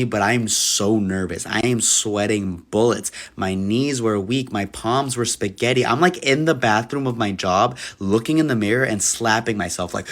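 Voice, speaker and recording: A young man telling a funny personal story in a dry delivery that keeps jumping into lively acted voices. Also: on the low side, normal speed, few pauses.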